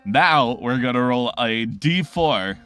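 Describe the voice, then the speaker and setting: A man's voice: medium pitch, expressive, takes it slowly, bright, forceful tone, clear, resonant tone, faint music behind. A man narrating a tabletop game as game master, in a loose, rambling way.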